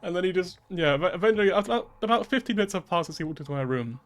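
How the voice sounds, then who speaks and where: A man in his twenties, streaming and ranting in casual chat: animated, exasperated, swearing freely. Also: high voice, rapid-fire. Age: 20s.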